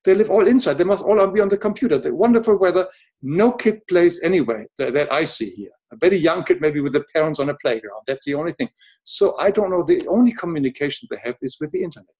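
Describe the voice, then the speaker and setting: An older man speaking English with a noticeable foreign accent, a podcast guest talking in a reflective, earnest way, often pausing and restarting his sentences. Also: a little high, expressive. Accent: noticeable non-native English accent. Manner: halting, many restarts, soft-spoken and earnest. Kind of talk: reflective casual conversation.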